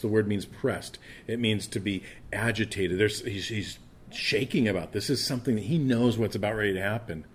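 A man's voice: on the low side, normal speed, slight background noise. A man preaching a sermon, earnest and conversational, often stumbling over repeated words as he restarts a thought. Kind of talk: sermon with scripture reading.

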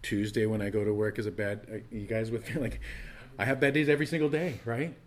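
Here a man preaches as a pastor with a lowish voice, a fast pace, and fairly level intonation. He comes across as sincere and conversational, restarting sentences and moving between forceful emphasis and quiet asides.

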